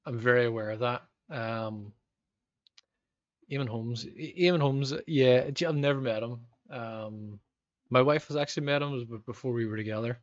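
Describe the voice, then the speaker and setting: Northern Irish streamer, thirties, rambling with lots of ums, dry dull-sounding mic. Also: male voice, medium pitch, fairly quick, no echo. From Northern Ireland. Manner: rambling, frequent ums, reacts to match events. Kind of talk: live gameplay commentary with chat.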